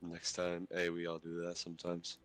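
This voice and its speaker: Deep voiced young dude playing a tabletop game, rambly and chill, super dry close sound. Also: male voice, normal speed, no room sound. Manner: relaxed, rambling, with fillers and laughs. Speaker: player. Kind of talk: casual chat during a tabletop game.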